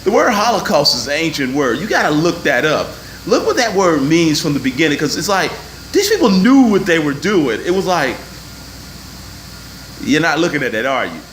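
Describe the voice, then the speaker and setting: A man in his forties rants to camera, swearing freely and mocking the people he quotes. His voice sits high and sounds bright and forceful, and it swings widely in pitch. Faint noise hums beneath the recording. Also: low-quality recording. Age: 40s. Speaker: vlogger. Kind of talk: profane opinion rant.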